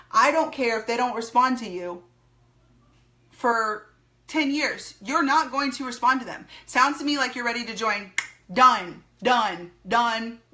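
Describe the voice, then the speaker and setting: Bright, upbeat woman team leader; instructive coaching talk, firm repeated key lines. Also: a little high. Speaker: sales team leader and trainer. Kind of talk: recorded training talk.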